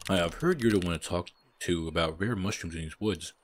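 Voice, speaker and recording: A man's voice: low voice, animated, slow pace, fairly bright tone, slight background noise, heavily acted. A man voicing a mysterious male forest huntsman in a put-on brogue, saying "aye, lad", for a video game. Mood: grandiose.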